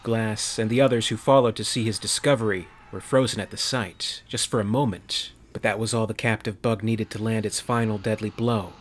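Brief: male narrator, low voice, measured dramatic reading. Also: fairly even intonation. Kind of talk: sci-fi story narration.

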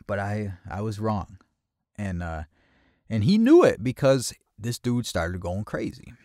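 A man telling a rough story in a blunt, streetwise way, swearing heavily and acting out the voices of the people in it. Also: fairly low pitch, measured pace, no echo, clean studio sound. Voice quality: heavy swearing, acts out quoted voices loudly. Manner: blunt, streetwise, animated retelling. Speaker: podcast host telling a personal story. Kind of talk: casual storytelling monologue.

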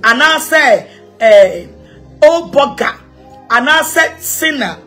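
A Ghanaian woman evangelist giving an impassioned, animated address, repeating herself and laughing between points. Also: high-pitched, slow, faint music behind. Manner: animated, repetitive, mixing local-language phrases, laughing asides. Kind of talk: impassioned social media address.

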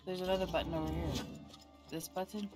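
A woman's voice: fairly low pitch, steady tone, quick pace, over music. A woman streaming a co-op game, chatting playfully and joking with her partner. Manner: playful, laughs often, sing-song jokes. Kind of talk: casual gaming chat.

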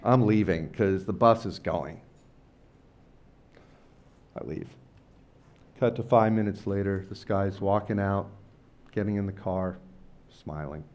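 A middle-aged man speaking at a lecture event, telling stories in a loose, rambling, slangy way and acting out quotes with sudden jumps in pitch and loudness. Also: slow pace, pauses often. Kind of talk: casual storytelling talk. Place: lecture venue before a live audience.

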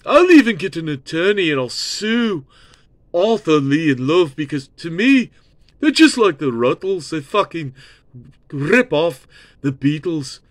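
A man's voice: measured pace, no echo. A man putting on the voice of a boastful rock star who swears and threatens lawsuits. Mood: whiny, indignant. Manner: whiny, high and excitable, threatens to sue.

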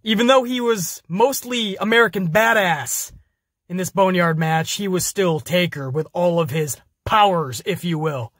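A man's voice: high voice, a little slow, a bit bright, no echo, studio quality. A man hosting a podcast, energetically retelling a wrestling show in casual, profane language. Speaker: podcast host.

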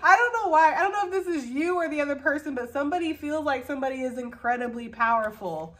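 A woman's voice: high voice, animated, fast, fairly bright tone. A woman giving a casual tarot reading, chatty and frank, laughing often and swearing freely. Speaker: tarot reader.

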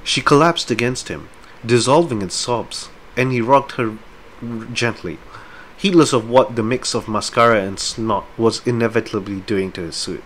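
A man's voice: medium pitch, normal speed, slight background noise. A man on a live stream, chatting casually with viewers and reading a book aloud. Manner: casual, rambling, with fillers; lively when reading. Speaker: streamer and reader.

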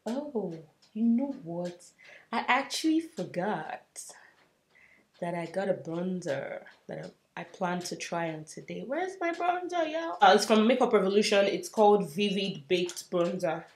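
Young woman, makeup tutorial vlogger, chatty, self-mocking, lowish pitch, roomy echo. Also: measured pace. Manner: chatty, self-mocking, drifts to soft murmurs while working. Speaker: beauty vlogger. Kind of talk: casual makeup tutorial chat. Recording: roomy echo, faint hiss.

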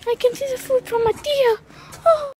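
A female host giving casual gameplay commentary, chatting and calling out loudly to her pets. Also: extremely high pitch, fairly even intonation, normal speed. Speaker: gaming channel host. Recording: clear background noise.

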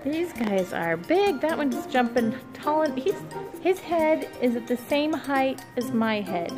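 Playful mom on a phone vlog, slow and exclaiming, high voice. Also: female voice. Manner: animated, exclaiming, playful with child. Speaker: mother filming her child. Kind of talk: casual family vlog. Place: large indoor museum hall. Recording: background music over the audio.

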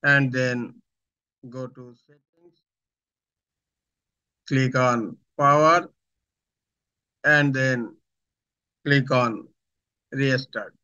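A man who works as an IT instructor narrates a step-by-step software tutorial, giving slow instructions in short phrases with pauses between them. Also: medium pitch, steady tone, clear, resonant tone, highs cut off.

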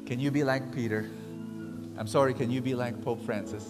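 A man's voice: medium pitch, a little fast. Man preaching in a reverberant hall. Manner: calls out to the audience for responses. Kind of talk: sermon. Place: large hall before a congregation. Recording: long hall reverb with guitar music behind.

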